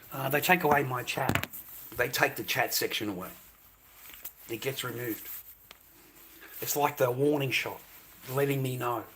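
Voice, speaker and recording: A man's voice: mid-range voice, vocal fry, bright, forceful tone. A middle-aged Australian man ranting bluntly to his livestream chat, swearing freely as he rambles.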